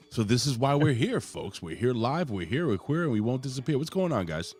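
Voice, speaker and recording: A man's voice: medium pitch, sing-song, normal speed, darkish tone, slightly rough, faint music behind. A man hosting a casual wrestling podcast, talking in a boisterous, hype-man way with plenty of swearing. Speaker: podcast host.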